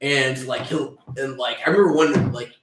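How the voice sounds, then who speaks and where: A man's voice: medium pitch, steady tone, normal speed, noisy background. A man in casual chat, rambling with lots of fillers. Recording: echoey room, far from mic, crowd chatter.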